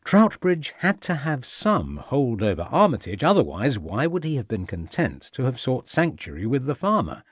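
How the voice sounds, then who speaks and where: A man reading a crime audiobook in measured scripted narration. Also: medium pitch, wildly swooping pitch, no room sound, studio quality.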